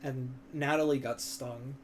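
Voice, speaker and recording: A man's voice: medium pitch, steady tone, unhurried, slight background noise. A young man chatting casually as a stream co-host, telling long rambling stories full of fillers and crude words. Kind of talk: casual chat.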